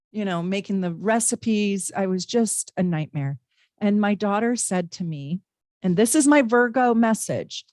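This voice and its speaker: A woman's voice: medium pitch, lively intonation, measured pace, a little mellow, dry recording. A middle-aged woman giving a live tarot reading in a chatty, emphatic way, blunt and sometimes swearing. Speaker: astrologer and tarot reader.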